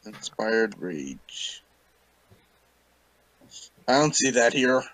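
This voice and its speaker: Casual male tabletop player, slow and searching, with a dry, close sound. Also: fairly low pitch, big pitch swings, a bit bright, no echo. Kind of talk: casual tabletop game chat.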